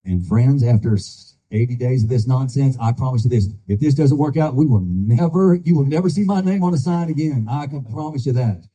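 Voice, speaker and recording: A man's voice: mid-range voice, expressive, a little fast, few pauses, dark tone, breathy edge, rough recording. An older man giving a folksy, earnest campaign speech, telling stories to a crowd of supporters. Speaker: political candidate.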